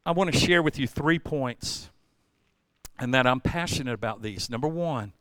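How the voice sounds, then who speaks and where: A male pastor preaching a sermon, telling stories with humor and swinging from loud bursts to hushed passages. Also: medium pitch, moderate pace, smooth, no room sound. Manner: energetic storytelling, jumps between loud and hushed; playful asides and self-deprecating humor.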